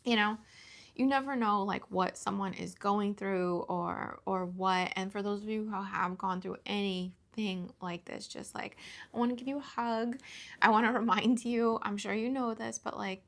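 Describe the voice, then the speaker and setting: Woman in her 30s vlogging, fry-heavy voice, lots of likes and restarts, teary. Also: mid-range voice, steady tone. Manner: halting, full of fillers and restarts, tearful at times. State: emotional, close to tears. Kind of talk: personal confessional vlog.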